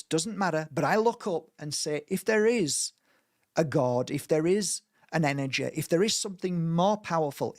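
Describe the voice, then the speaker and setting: Earnest man, light-pitched healer. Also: no room sound, clean studio sound. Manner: earnest, rambling, with frequent restarts and mimicked voices. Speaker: spiritual healer leading a workshop. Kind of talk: informal spoken workshop talk.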